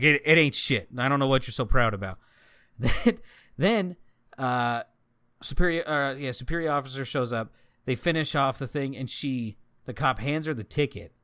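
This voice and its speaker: Profane, animated man telling a story. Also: medium pitch, no room sound. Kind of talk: casual chat.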